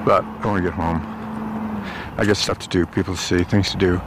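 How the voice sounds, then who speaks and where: A man's voice: low voice, steady tone, noisy background. A man rambling aloud in a meandering walk-and-talk monologue, outdoors on his way home through a park. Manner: meandering, musing aloud with pauses and restarts. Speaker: vlogger.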